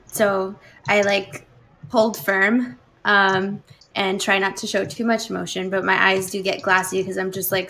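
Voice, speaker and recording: Brief: woman player, slow and creaky, hesitant with lots of ums. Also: medium pitch, fairly bright tone, a little hiss or hum, low-quality recording. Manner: slow, hesitant, many fillers. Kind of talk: describing her character's actions.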